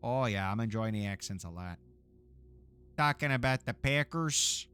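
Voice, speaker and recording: A Texan man streams a game and chats casually, laid-back and profane, laughing often and cracking jokey asides. His medium-pitched voice is expressive, moderately paced, a bit bright, clear, and resonant.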